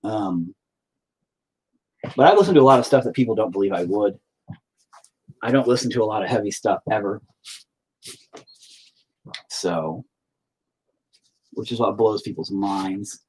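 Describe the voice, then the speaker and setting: A man's voice: lowish voice, measured pace, long pauses, a little mellow, slightly rough. A middle-aged man telling rambling, profane stories in a laid-back way while painting. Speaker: painter and musician streaming. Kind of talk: casual storytelling while painting.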